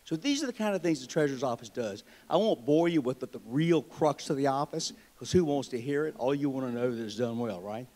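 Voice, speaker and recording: A man's voice: medium pitch, expressive, fairly quick, hardly any pauses, warm tone. Southern man, state treasurer, convention speech, folksy and wry, mid-range voice. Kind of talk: political speech with folksy storytelling. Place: convention hall.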